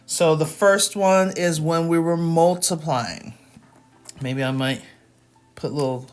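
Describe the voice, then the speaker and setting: A woman teaching math in a casual, chatty way, telling stories, laughing often and saying "like" a lot. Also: low-pitched. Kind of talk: casual lesson with storytelling.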